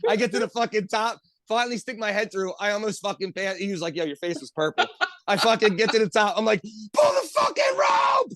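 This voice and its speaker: A man's voice: high voice, fast, no room sound. A man on a podcast telling a long, rambling story among friends, swearing constantly and talking with lots of energy. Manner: profane, animated, rambling storyteller. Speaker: podcast co-host.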